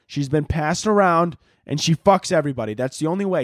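A man's voice: fairly high pitch, animated, brisk, few pauses, no room sound, clean studio sound. A man from the Chicago area hosting a casual solo podcast, rambling and swearing with lots of filler words. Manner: profane, rambling, filler-heavy. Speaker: podcast host.

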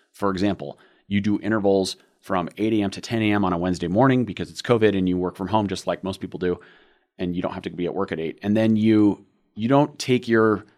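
A man's voice: low voice, darkish tone. A man co-hosting a podcast, explaining training ideas at length with rambling analogies. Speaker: podcast co-host. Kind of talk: casual podcast discussion.

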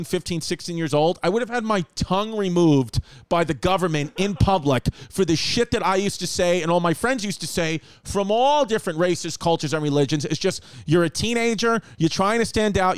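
A man hosting a casual comedic podcast from his apartment, rambling and joking in an animated way. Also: sits high, clear, resonant tone, no room sound. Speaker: podcast host. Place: home apartment.

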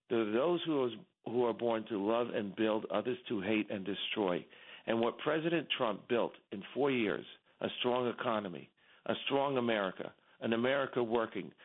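A company executive calls in to a radio show from his home in Texas, giving impassioned commentary over a tinny phone line. He speaks emphatically and repeats himself, his pitch rising as he gets stirred up.

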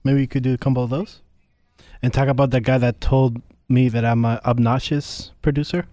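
A man's voice: mid-range voice, little pitch movement, brisk, mellow, no echo, studio quality. A man co-hosting a podcast, bantering in a playful, sometimes defensive way. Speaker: podcast co-host. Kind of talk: casual banter.

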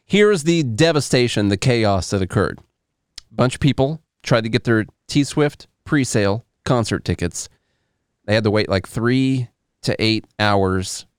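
A man's voice: medium pitch, smooth, dry recording, clean studio sound. A man in his thirties with a Southern US accent, hosting a casual podcast chat in a joking, sarcastic way. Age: 30s. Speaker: podcast host.

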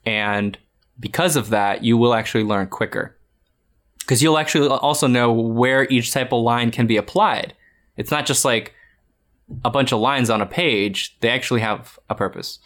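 A man's voice: medium pitch, normal speed, fairly bright tone. A man in his thirties, co-hosting a casual art chat and giving drawing advice in a rambling way with many restarts. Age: 30s. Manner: rambling, frequent restarts and fillers. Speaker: art podcast co-host.

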